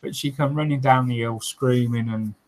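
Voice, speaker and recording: A man's voice: mid-range voice, steady tone, moderate pace, darkish tone, poor audio. A man hosting a modelling livestream, chatting casually and reading out viewer comments, often laughing, with lots of fillers and restarts.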